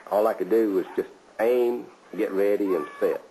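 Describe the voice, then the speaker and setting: Deep halting Texan man. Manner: plain, halting. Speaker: neighbor who shot the alligator. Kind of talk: documentary interview. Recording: voice far off, clear noise.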